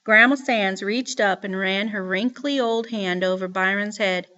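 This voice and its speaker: A woman reading a novel aloud as audiobook narration, with lively storytelling. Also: mid-range voice, a little slow, few pauses, lo-fi sound.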